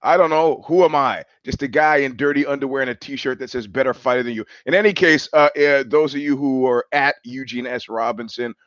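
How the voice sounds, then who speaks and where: A man's voice: mid-range voice, fairly quick, hardly any pauses, a bit bright, dry recording. A man hosting a live-streamed solo monologue on a headset mic, rambling and wry, often poking fun at himself. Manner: rambling, wry, self-mocking. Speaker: show host. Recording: dull dry lo-fi stream audio.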